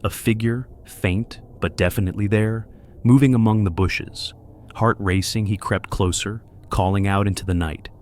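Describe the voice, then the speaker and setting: A man giving scripted, measured horror narration. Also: lowish voice, steady tone, a little mellow, slight background noise.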